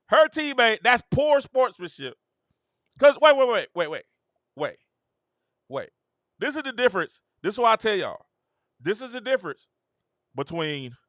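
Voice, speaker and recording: A man hosting a sports reaction show, ranting excitably, addressing viewers directly and often breaking into shouts and laughter. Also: high-pitched, no echo, studio quality. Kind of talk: animated sports reaction rant.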